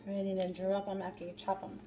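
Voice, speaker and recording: A woman's voice: medium pitch, monotone, quick pace, dark tone. A woman hosting a casual cooking demonstration in a home kitchen, chatting through each step as she works. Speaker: cooking show host. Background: background music.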